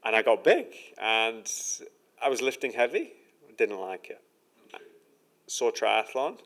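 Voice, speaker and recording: Male guest, relaxed chatter, fry in the voice, bright edge. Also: medium pitch, takes it slowly. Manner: relaxed, chatty, agreeable with frequent yeahs. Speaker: triathlete and coach, guest. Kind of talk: casual interview conversation.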